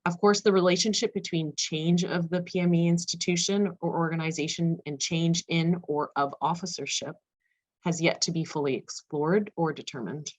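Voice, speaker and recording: A woman panelist giving an academic research presentation, talking fast with frequent fillers. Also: fairly low pitch, fairly even intonation. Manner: fast-paced, self-aware of speed, frequent fillers. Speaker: conference panelist.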